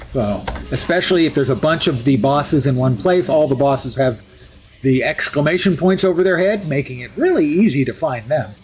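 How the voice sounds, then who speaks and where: A man's voice: fairly high pitch, lively intonation, moderate pace, darkish tone, slight background noise. Man giving wry gameplay commentary. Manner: chatty, wry asides and jokes. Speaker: streamer.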